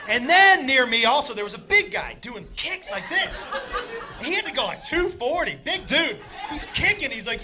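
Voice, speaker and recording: A man telling a wild story in a stand-up set, animated and shouting punchlines while voicing the people in it. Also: very high-pitched, normal speed. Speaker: stand-up comedian. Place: comedy club stage before a laughing audience. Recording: live club recording with crowd noise.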